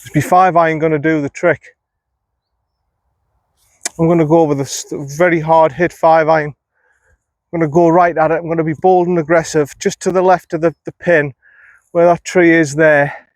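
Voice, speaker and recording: A man's voice: a little high, little pitch movement, normal speed, long pauses, no echo. A man giving running commentary while playing alone on an outdoor golf course, talking to himself and criticizing his own shots, recorded on a phone camera. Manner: self-critical, talks to himself. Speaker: golf vlogger.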